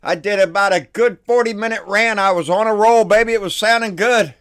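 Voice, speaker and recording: A man, hosting his own channel in a casual, excitable, folksy way, slightly out of breath. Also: sits high, brisk, clean tone. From Texas, USA. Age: 60s. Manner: excitable, folksy, repeats himself. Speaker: channel host. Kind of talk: casual political vlog chat.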